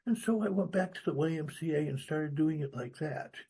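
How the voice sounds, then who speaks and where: A man from New York sharing his recovery story at a meeting, animated and blunt, acting out old conversations. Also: fairly high pitch, brisk, husky. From New York, USA. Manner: animated storyteller, acts out dialogue, blunt and salty. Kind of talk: personal recovery story talk.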